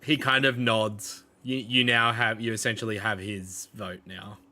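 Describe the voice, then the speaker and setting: A man narrating a tabletop role-playing game as game master, unhurried and hesitant, with pauses and fillers. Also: lowish voice, flat delivery, sharp tone.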